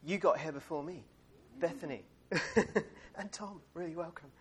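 A man's voice: fairly high pitch, normal speed, a bit bright, a little hiss or hum. A man giving an informal sermon in a church, chatty and rambling, with plenty of fillers and light laughs. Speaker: preacher.

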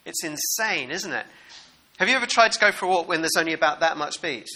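A New man gives a sermon in a chatty, animated way and often puts questions to his listeners. His voice sits a little high and has a very bright, sharp edge. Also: fast talker, poor audio. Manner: animated, conversational, asks the congregation questions. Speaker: preacher.

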